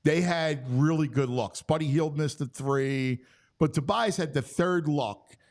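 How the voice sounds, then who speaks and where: A man hosting a casual sports talk show, making his points with quick, emphatic reactions. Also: fairly high pitch, darkish tone.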